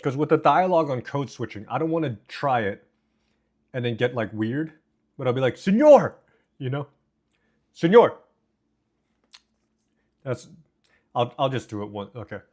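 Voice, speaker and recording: Fairly quick and medium-pitched, a man's voice comes through a noise-cancelling desk mic as he livestreams from home. He's eating, chatting casually, and reading the chat aloud indoors.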